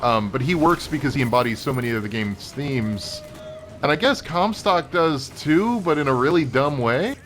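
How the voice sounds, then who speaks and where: A man's voice: mid-range voice, animated, moderate pace, a bit bright, soft background music. A man co-hosting a casual chat over gameplay, opinionated and full of fillers. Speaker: podcast co-host.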